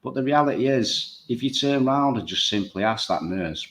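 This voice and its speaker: A man's voice: medium pitch, expressive, normal speed, fairly bright tone. A man talking bluntly and emphatically in a casual chat show, swearing freely.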